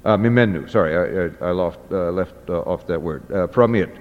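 A man teaching a class, reading a text aloud and explaining it slowly, with many fillers and restarts. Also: deep voice. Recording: dull audio with long hall reverb.

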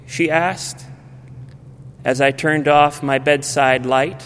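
A man, a pastor, telling a story in a sermon in a measured way, often dropping to a hushed voice at the ends of phrases. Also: a little high, fairly even intonation, a little hiss or hum. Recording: long reverb of a large hall.

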